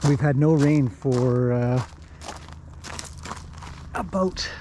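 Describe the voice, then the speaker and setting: A man's voice: medium pitch, very slow, dark tone, a little hiss or hum. A man chatting casually in a vlog while walking outdoors among his horses, greeting them in a lifted, sing-song voice. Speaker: horse trainer and owner. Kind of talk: casual walk-and-talk vlog.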